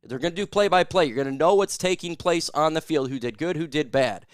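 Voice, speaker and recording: A man hosting a casual sports live stream, chatting with viewers and whooping loudly over super chats. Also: fairly high pitch, brisk, no room sound, clean studio sound. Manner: loud, hype-driven, shouting whoops at super chats.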